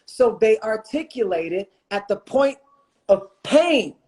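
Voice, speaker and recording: This motivational speaker and coach has a high-pitched, sing-song voice with a darkish tone, and he takes his time. As a livestream interview guest, he speaks passionately and repeats phrases to drive points home, heard through a phone or computer mic.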